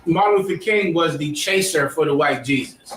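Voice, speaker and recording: Guy teaching a class, high voice, preachy and emphatic, mic far away in an echoey room. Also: expressive, moderate pace, a bit bright, slight background noise. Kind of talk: lecture to a class.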